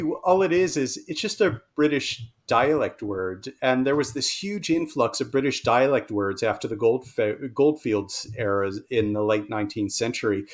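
A man speaking in a middle-pitched, ordinary voice, guesting on an interview. He explains eagerly and at length, with plenty of ums and restarts. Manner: enthusiastic, explanatory, many fillers. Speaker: language scholar guest. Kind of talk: conversational interview.

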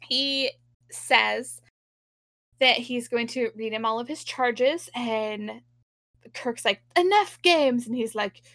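Young woman recapping a show, lots of "like", bright voice, dry close sound. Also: on the high side, fairly even intonation, no echo. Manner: chatty, lots of "like", quick laughs, acts out quotes. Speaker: podcast co-host recapping an episode. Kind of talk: casual chat.

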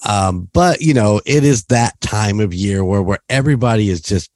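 A man's voice: on the low side, animated, normal speed, a little mellow, no room sound, studio quality. A man hosting a podcast from home, chatting casually and rambling with frequent laughs. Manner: rambling, laughs often, restarts. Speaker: podcast host. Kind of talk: casual chat. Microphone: remote call setup.

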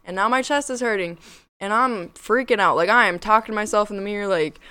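A woman in her twenties telling a personal story in casual chat. She rambles, puts "like" into nearly every phrase, swears freely and gets louder and more animated as she goes. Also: mid-range voice, brisk, clear, resonant tone, dry recording.

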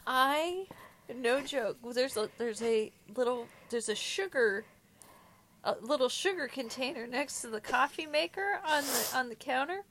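A woman chatting casually as a podcast co-host, self-mocking and quick with asides. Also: high voice, lively intonation, fairly bright tone, slight background noise. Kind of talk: casual chat.

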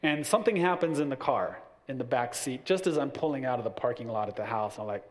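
A middle-aged man talks casually about raising children, his mid-range voice racing along with hardly any pauses. Animated as he gives parenting advice, he acts out little family scenes, complete with the family members' voices.

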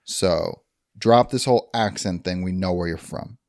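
A man's voice: low voice, moderate pace, creaky, a little mellow, dry recording, clean studio sound, voice pushed down. A man improvising a blunt police interrogator who accuses a suspect. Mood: gruff. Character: gruff male police interrogator. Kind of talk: improv comedy scene.

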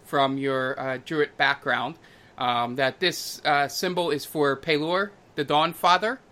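A man running a tabletop game, narrating scenes in a bright, forward voice. He talks haltingly and fills his pauses with ums and uhs. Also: on the high side, fairly even intonation, a little hiss or hum. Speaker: game master.

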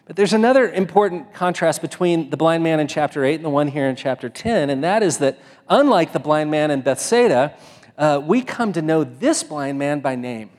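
A man delivers a sermon in a loose, conversational way, often restarting his sentences. His voice sits a bit high for a man. The sound rings with the long reverb of a church sanctuary. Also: lively intonation, moderate pace, darkish tone. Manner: conversational, many fillers and restarts. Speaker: pastor.

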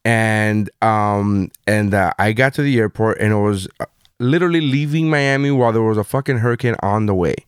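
A man telling a story in casual chat, animated and swearing freely. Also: on the low side, fairly quick, clean tone, dry recording, clean studio sound.

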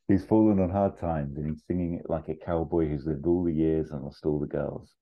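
A man hosting a podcast, pitching a film sequel in a casual, rambling way with lots of fillers. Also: steady tone, brisk, lo-fi sound.

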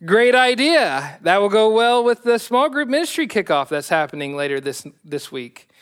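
A man's voice: sits high, very animated, moderate pace, smooth, voice pushed up. A man voicing an upbeat male worship pastor with a chipper, businesslike manner.

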